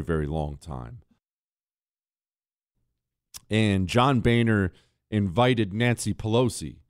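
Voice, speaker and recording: A male talk radio host delivers a sarcastic, ranting monologue. His pitch swings widely, and his voice sits close and dry on the mic. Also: no echo.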